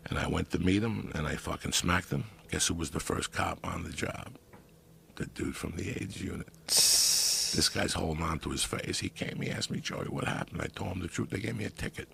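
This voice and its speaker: Gravelly, deep-voiced man telling wild stories. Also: normal speed, a little hiss or hum. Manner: profane, animated storytelling. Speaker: guest storyteller. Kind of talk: casual podcast storytelling.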